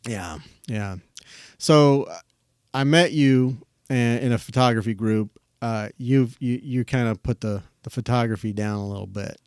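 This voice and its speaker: A man's voice: medium pitch, a little slow, darkish tone, smooth, dry recording. Rambling male podcast host, dry sound. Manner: rambling, many fillers and restarts, laughs often. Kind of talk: casual interview chat.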